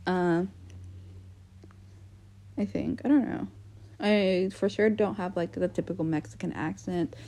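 A woman's voice: fairly low pitch, steady tone, unhurried, pauses often, mellow. A young American woman hosting a casual solo podcast, chatty and self-deprecating, full of fillers and restarts. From United States. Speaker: podcast host.

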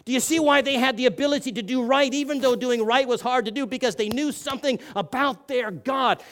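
A man preaching a sermon, firing rhetorical questions and swinging between hushed and loud delivery. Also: very high-pitched, a little fast, hardly any pauses.

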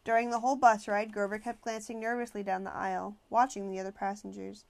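Female audiobook narrator, mid pitch, measured storytelling. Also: little pitch movement, vocal fry, a little mellow. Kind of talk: first-person novel narration.

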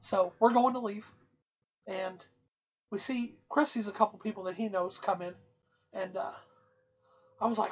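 A woman with a husky, slightly breathy voice tells a rowdy story in loose, profane, animated casual chat as a podcast co-host. The audio comes across dull and muffled. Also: mid-range voice, moderate pace.

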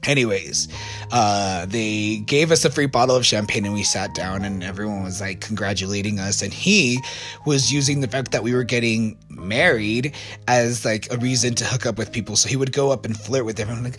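A man's voice: lowish voice, steady tone, normal speed, fairly bright tone, faint music behind. An American man casually telling a personal story, rambling and correcting himself with lots of fillers. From United States.

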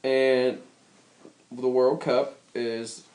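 Young male podcast co-host, loose joking banter, flat delivery, roomy echo. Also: mid-range voice. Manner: rambling, joking, drawn-out pauses. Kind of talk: casual chat. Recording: echoey room.

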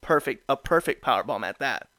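A man hosting a podcast, telling a story in a casual, animated way with frequent laughs and restarts. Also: mid-range voice, fairly quick, dry recording, studio quality. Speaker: podcast host.

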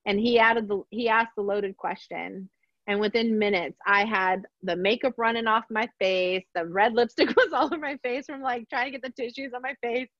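A middle-aged woman telling a personal story in conversation, animated and acting out the voices of others, laughing often. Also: on the high side, moderate pace, dry recording. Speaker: podcast guest. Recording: dull, dry sound.

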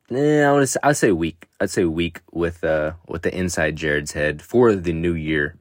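Deep-voiced and recorded dry at studio quality, a young man runs his own podcast, telling a rambling story on his own. He laughs a lot and swears freely in casual chat.

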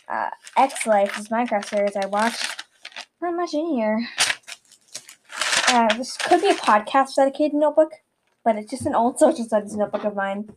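A woman's voice: a little high, background noise. A teenage girl hosting a casual solo podcast from a bedroom, rambling and giggling self-consciously into a webcam mic set some distance away. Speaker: podcast host. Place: bedroom at home.

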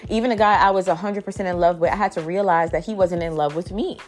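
A woman's voice: lowish voice, fast, darkish tone, faint music behind. A woman in her thirties ranting casually to camera, blunt and exasperated, swearing freely. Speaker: vlogger.

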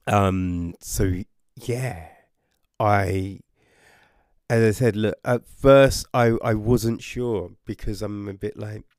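A man casually reviewing a book, animated, with frequent swearing, exclamations and restarts. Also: on the low side, takes it slowly, dry recording, clean studio sound.

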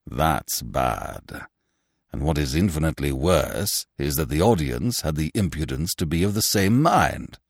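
A sardonic comic actor pronouncing doom like a judge, as a male narrator puts him on. Deep and dour, with a dry close sound. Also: expressive, moderate pace, hardly any pauses, dry recording, exaggerated voice. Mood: gloomy. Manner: gloomy, sardonic.

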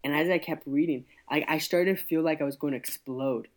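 A young man, a youth pastor, telling his story in a casual interview, earnest and halting with many restarts. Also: fairly high pitch.

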